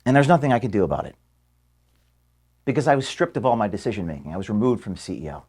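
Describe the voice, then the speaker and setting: A man's voice: expressive, fast, slightly rough. Emotional man giving a solemn statement. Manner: earnest, voice dropping low and quiet when moved. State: emotional, near tears. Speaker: organization founder addressing staff. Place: office.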